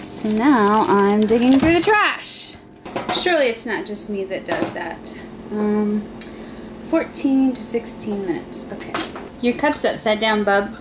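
High, unhurried young American mom vlogging. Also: female voice, noisy background. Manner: chatty, doting baby-talk to her toddler. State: pregnant, near tears. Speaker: family vlogger. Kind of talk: casual home vlog. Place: home kitchen.

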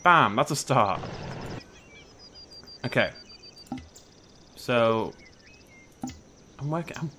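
Speaking extremely slowly and pausing often, a young male gaming host narrates his gameplay in a casual, jokey way, chatting to the animals and breaking into sudden shrieks of surprise. His medium-pitched voice is animated and a bit bright. A slight hiss or hum can be heard.

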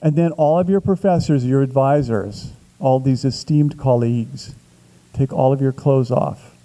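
A man with a deep-toned, very mellow and rounded voice at a middling pitch unwinds a long anecdote at a Q&A. He talks casually, restarting small phrases now and then. He builds his scenes with care, stretching some words and quickening others. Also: rough recording. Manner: vivid, building storyteller who shifts pace for effect. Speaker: author answering a question.

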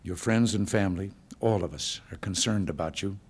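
An older man from the United States giving informal remarks to staff in a hotel function room, with relaxed, folksy storytelling and dry humor. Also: sits low, moderate pace, breathy edge. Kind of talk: informal speech with joke stories.

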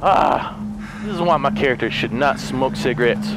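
A man giving casual, excitable commentary while playing a horror video game, swearing freely and talking to himself and the characters. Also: mid-range voice, moderate pace, very noisy. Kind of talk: casual let's play commentary.

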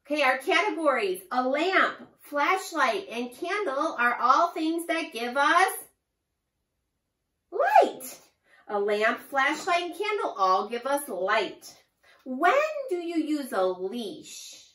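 A woman teaching a preschool lesson to young children, with a slow, sing-song and exaggerated teacher delivery. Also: high voice, sing-song, sharp tone. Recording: echoey room, far from mic.

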